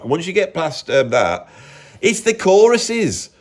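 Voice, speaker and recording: A man's voice: a little high, very animated, measured pace. Rambling, opinionated English man. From England. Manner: rambling, self-interrupting, opinionated. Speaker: music commentator. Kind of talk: casual rambling monologue.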